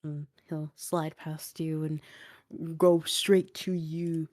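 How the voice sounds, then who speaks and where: Woman game master narrating a tabletop game, lowish voice, dry close sound. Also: level tone, slow pace, a little mellow, dry recording. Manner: descriptive, addressing players directly.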